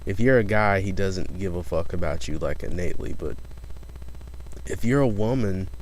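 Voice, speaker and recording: A man's voice: low-pitched, moderate pace, a little hiss or hum. A man casually commenting on a recorded phone call, mocking and incredulous, swearing as he talks.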